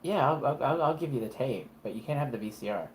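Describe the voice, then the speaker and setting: A man's voice: mid-range voice, animated, fast talker, a little hiss or hum, close to an everyday voice. A man voicing a shady male thief who stammers and hurries through his excuses. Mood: evasive.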